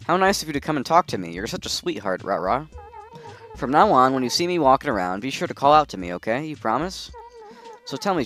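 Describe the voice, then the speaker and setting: A man's voice: medium pitch, a bit bright. A man reading as a sweet, gushing cat villager. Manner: gushing and friendly, read from game text.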